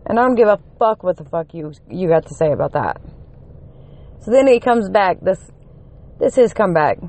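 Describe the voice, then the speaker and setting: A woman giving an angry, profanity-filled rant to her camera, running on one hour of sleep and climbing to shouts when her temper peaks. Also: mid-range voice, animated, moderate pace. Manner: heated, swearing constantly, rising to shouts. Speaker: vlogger.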